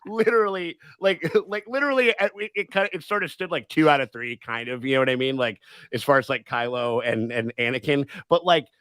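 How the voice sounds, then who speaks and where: A man hosting a casual livestream chat, excitable and rambling, with many restarts and swearing. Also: medium pitch, fairly quick, hardly any pauses, clean tone, no room sound. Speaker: livestream host.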